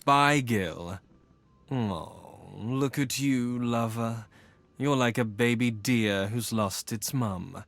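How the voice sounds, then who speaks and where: In a video game, an actor voices a seductive con man who is the player's lover, teasing, purring and condescending. His medium-pitched voice is slow, creaky and a bit bright, with a teasing mood.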